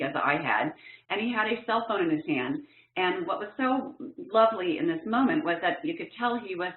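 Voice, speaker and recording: A woman workshop trainer tells a story in an earnest, expressive way, leaning into key words. Her voice sits a little low and comes through a thin, phone-like line with a roomy echo around it. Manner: warm, earnest and expressive, with lively emphasis. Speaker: professional development trainer. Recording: echoey, tinny phone-like line.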